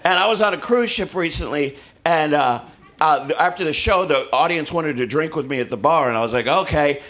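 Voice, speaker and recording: A man doing a stand-up comedy set, telling stories in a halting, awkward way with deadpan self-mockery. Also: a little high. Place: comedy club stage with audience laughter.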